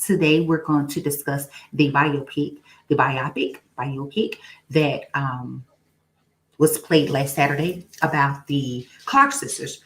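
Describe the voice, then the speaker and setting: A woman's voice: sits low, steady tone, slow, a bit bright, poor audio. A young woman hosting a casual live stream, greeting viewers by name and testifying about her faith. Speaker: livestream host.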